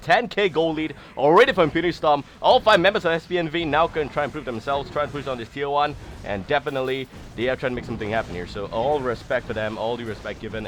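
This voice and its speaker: A man casting an esports match with rapid, excitable play-by-play that rises loud on big plays. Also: mid-range voice, a little hiss or hum. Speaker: esports caster.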